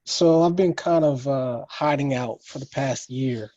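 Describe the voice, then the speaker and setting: A man's voice: mid-range voice, measured pace, warm tone, no room sound, dull audio. A man taking part in an online writing workshop over a video call, talking hesitantly and searching for his words. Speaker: workshop participant.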